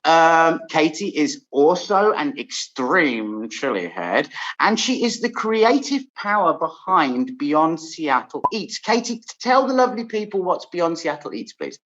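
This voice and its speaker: A man from England hosts a loose, casual chat and tells stories in a lively, laughing way. His pitch swings widely as he talks. The recording sounds dull and lo-fi. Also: a little slow. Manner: lively storytelling with frequent laughs. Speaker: host.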